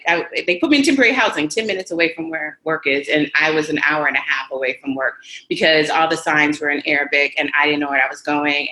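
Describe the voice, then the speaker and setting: A woman in her forties, a podcast guest, telling her story in an animated, casual way and acting out the voices of other people. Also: low voice. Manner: animated, acts out quoted voices. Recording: roomy echo.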